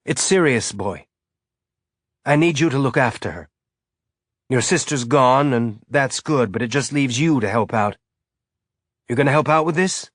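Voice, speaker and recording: A narrator's grieving father, throat thick with held-back tears, pushing a brave, upbeat lightness into every line. The voice sits a little above the reader's own, spoken slowly and close in a dry, deadened booth. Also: medium pitch, expressive, a bit bright, no room sound. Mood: choked, tender. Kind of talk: audiobook character voice.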